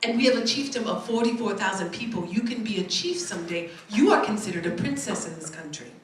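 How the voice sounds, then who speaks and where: A woman's voice: mid-range voice, animated, fast talker, a little hiss or hum, close to an everyday voice. A woman acting out an overjoyed uncle who laughs and exclaims as he talks, heard from far off in an echoey hall. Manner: exclaiming, laughing through words.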